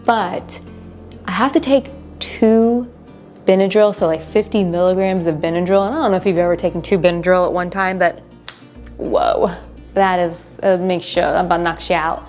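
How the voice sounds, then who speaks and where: A woman's voice: on the low side, fairly even intonation, moderate pace. Tired middle-aged woman vlogging, chatty and emotional, lots of ums, faint music behind. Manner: chatty and emotional, with fillers and soft laughs. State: tired and unwell. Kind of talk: casual vlog chat to camera.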